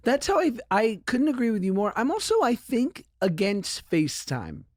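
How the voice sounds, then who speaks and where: A man's voice: high voice, huge pitch swings, normal speed, dry recording, clean studio sound. A man in his thirties hosting a podcast in casual chat, wry and joking, laughing often. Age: 30s. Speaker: podcast host.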